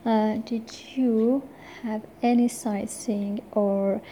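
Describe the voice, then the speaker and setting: A woman's voice: fairly high pitch, steady tone, slow pace, warm tone, a little hiss or hum. A woman voicing a friendly woman who asks eager questions about a vacation. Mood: curious.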